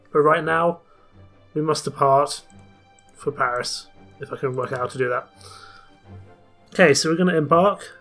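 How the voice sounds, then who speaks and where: A man's voice: on the high side, a bit bright. Chatty man playing a story game. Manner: chatty, rambling, self-correcting. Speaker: let's play host. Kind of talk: casual game commentary and story reading.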